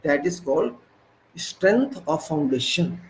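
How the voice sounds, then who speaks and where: A man teaching engineering in a high, light voice. He lectures emphatically and keeps firing rhetorical questions at the class. There is a soft hum of room noise underneath. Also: very animated, slow pace, poor audio. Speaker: engineering instructor. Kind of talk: lecture on construction practice.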